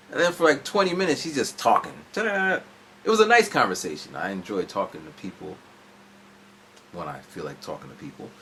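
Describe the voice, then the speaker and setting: A man's voice: lowish voice, wildly swooping pitch, a little fast, pushed and bright, a little hiss or hum. A man in his forties telling a long, rambling story in a casual vlog from home, jumping around as he goes. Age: 40s. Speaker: vlogger. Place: at home indoors.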